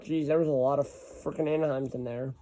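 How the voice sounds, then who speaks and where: A man's voice: fairly high pitch, fairly even intonation, fast talker, dark tone. A man in casual solo commentary, rambling and correcting himself as he reads long lists of teams aloud. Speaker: hockey fan ranking team schedules.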